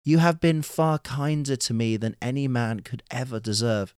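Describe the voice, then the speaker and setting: A man's voice: medium pitch, moderate pace, a little mellow, clear, resonant tone, no echo, studio quality, natural voice. A man voicing a dutiful young fisherman from a folktale, speaking earnestly about going home to his parents. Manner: earnest, heartfelt.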